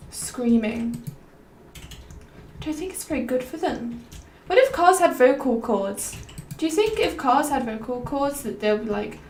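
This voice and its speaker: A woman's voice: on the high side, a little mellow. Rambling woman streamer, roomy distant mic. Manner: rambling, musing aloud, drifting between topics. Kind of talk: rambling gameplay stream chat. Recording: roomy, slightly distant mic with faint noise.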